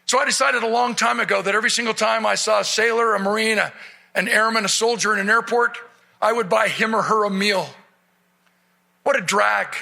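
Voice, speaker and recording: A man's voice: high-pitched, gravelly. A man giving a humorous motivational keynote to a live audience, telling stories and acting out the voices of the people in them. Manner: animated, acts out quoted voices. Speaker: motivational speaker. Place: event stage before a live audience.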